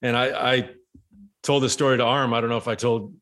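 A former baseball player telling a story in casual chat, rambling and animated with many restarts. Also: male voice, medium pitch, fairly quick.

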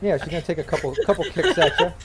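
A man serving as game master, narrating a cyberpunk tabletop scene in a relaxed, rambling way. His voice sits a little high for a man, and he scatters likes and ums through his descriptions. Faint music plays underneath. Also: racing. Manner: loose, filler-heavy scene narration.

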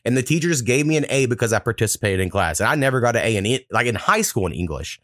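A man talks quickly and bluntly, cussing freely as he spins stories in casual podcast chat. The sound is dry and close, with no room around it. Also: mid-range voice, lively intonation, a bit bright, no echo. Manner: blunt, swears freely, storytelling. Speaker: podcast host.

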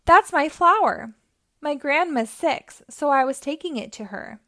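A woman's voice: high voice, moderate pace, voice pushed up, close to an everyday voice. A woman voicing an earnest, polite young boy rabbit. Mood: urgent.

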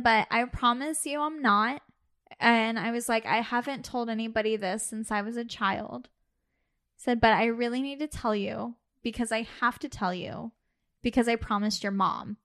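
A woman co-hosting a podcast, telling a personal story in casual chat and acting out the quoted dialogue. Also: fairly high pitch. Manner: animated, acts out quoted dialogue, laughs often. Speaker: podcast co-host.

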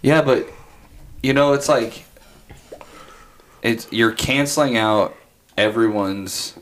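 A man's voice: medium pitch, slow, fairly bright tone. A man co-hosting a casual podcast, laid-back and teasing, often agreeing with the others. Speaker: podcast co-host.

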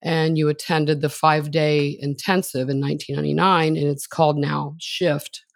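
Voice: mid-range voice, little pitch movement, normal speed, vocal fry, dry recording. A podcast host introducing a guest and asking questions in a chatty, admiring, conversational way.

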